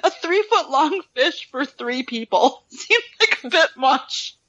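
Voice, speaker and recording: A woman's voice: high-pitched, lively intonation, takes it slowly, bright, forceful tone, dull audio. A woman co-hosting a casual book discussion, chatty, laughing often and filling with "like" and "um". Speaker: podcast co-host summarizing the chapter.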